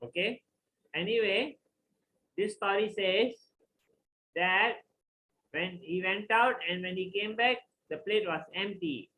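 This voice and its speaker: A man, teaching a class by telling a devotional story in a relaxed, conversational way. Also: high-pitched, slow, long pauses, poor audio. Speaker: scripture teacher.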